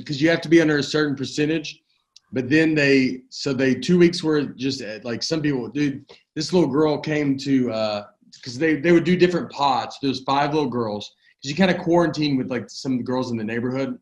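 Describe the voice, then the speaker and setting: A man in his forties, a comedian guest on a podcast, telling rambling, halting stories in casual chat. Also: mid-range voice. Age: 40s.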